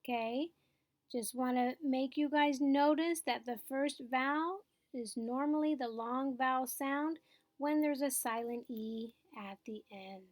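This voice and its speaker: Female teacher, high voice, unhurried and patient, explaining each step. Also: no room sound. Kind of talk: phonics lesson.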